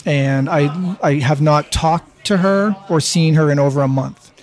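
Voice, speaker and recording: A man in his fifties chatting casually, halting with restarts and swearing freely. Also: on the high side, a little mellow, faint music behind. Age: 50s. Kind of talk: casual chat.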